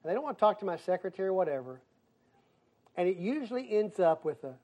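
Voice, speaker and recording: An older male pastor delivering a sermon in a high voice. He talks with emphasis, moving between soft asides and sudden loud outbursts. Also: expressive, fast talker, long pauses. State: crying.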